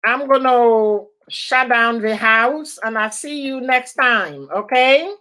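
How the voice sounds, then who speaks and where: A woman hosting a casual live stream, laughing often and heartily as she chats and repeats her warm goodbyes and thank-yous. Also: on the high side, slow pace.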